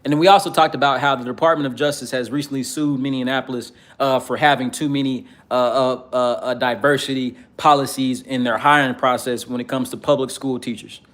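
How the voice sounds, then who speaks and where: A man's voice: mid-range voice, fairly even intonation, a little fast, few pauses, a bit bright. A man giving a casual commentary monologue, rambling with many fillers and speaking bluntly and profanely. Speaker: political commentator.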